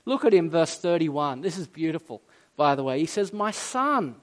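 A man's voice: fairly high pitch, a little fast, darkish tone. A man preaching a sermon in a conversational, emphatic way, with asides and a little self-deprecating humor. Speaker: pastor.

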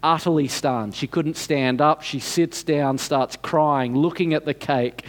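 A man with a fairly high voice delivers a sermon as a story. He tells it in an unhurried, dramatic way and builds to emphatic points. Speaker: preacher.

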